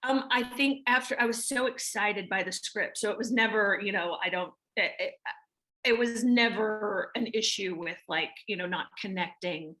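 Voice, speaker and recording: A woman's voice: medium pitch, normal speed, pushed and bright. A woman with a Southern American accent, an actress answering interview questions in a chatty way with many restarts and fillers. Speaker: actress guest.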